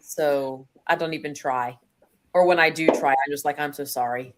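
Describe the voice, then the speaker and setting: Give me a chatty woman with a low voice hosting a casual live stream. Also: steady tone, normal speed, noisy background. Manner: chatty, laughs easily. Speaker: host. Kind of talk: casual chat. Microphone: video call.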